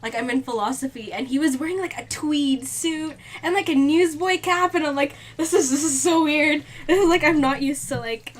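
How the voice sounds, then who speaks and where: A young woman starting university, chatting in her basement, rambling and saying "like" often, trailing off softly. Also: high voice, fairly quick, few pauses, slight background noise. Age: young adult. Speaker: podcast guest. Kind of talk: casual chat.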